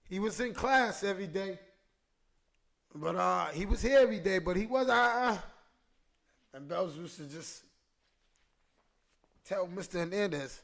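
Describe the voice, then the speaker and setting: A man's voice: sits high, lively intonation, unhurried, vocal fry, long pauses, a bit bright. A man hosting a podcast, telling an emotional personal story in street slang and repeating phrases for emphasis, choked up at times. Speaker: podcast host.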